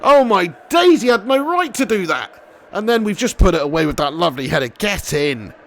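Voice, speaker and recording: A young man commentating a football game live, reading chat, swearing and getting loud at goals. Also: high-pitched, a little fast. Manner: excitable, swears freely, shouts at goals. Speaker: streamer playing a football career mode.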